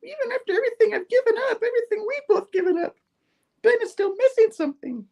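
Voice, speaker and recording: A man voicing a tearful young woman in a whiny, high falsetto. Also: expressive, quick pace, gravelly, a little mellow, heavily acted. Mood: pleading.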